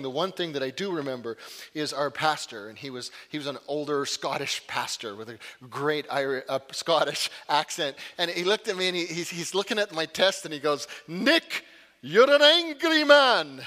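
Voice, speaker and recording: Animated middle-aged male pastor, bright voice. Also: fairly high pitch. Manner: animated storytelling, swinging from loud to hushed. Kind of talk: sermon. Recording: long reverb of a large hall.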